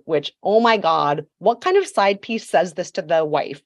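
A woman's voice: on the low side, expressive, unhurried, no room sound. A woman telling a story as a podcast guest, emphatic and sassy, with mocking asides. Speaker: podcast guest, royal commentator. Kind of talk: storytelling chat.

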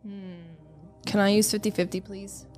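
A woman on a casual podcast quiz, expressive and exclamatory as she answers and asks questions. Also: medium pitch, moderate pace, slight background noise. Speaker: podcast panelist. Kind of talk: casual quiz game chat.

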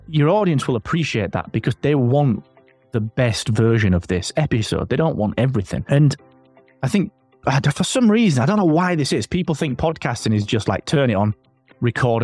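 A man's voice: medium pitch, no echo. Guy rambling about podcasting, dry close sound, faint music under it. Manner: animated, rambling, emphatic. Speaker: podcasting expert guest. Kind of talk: casual interview advice.

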